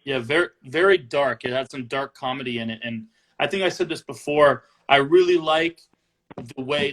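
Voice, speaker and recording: A relaxed man hosts a casual chat, rambling and often restarting his thoughts. His voice sits a little higher than most men's. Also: rough recording. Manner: easygoing, rambling, many restarts. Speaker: podcast host.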